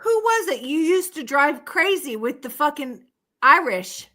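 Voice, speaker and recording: A woman's voice: sits high, sing-song, unhurried, sharp tone. A woman co-hosting a live stream in casual chat, laughing and teasing, swearing freely.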